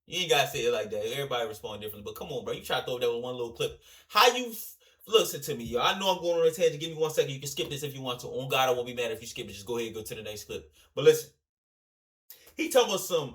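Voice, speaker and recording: Hosting a reaction video, a man with a fairly high voice talks very fast. He rambles casually in slangy, animated fashion and often speaks straight to his viewers.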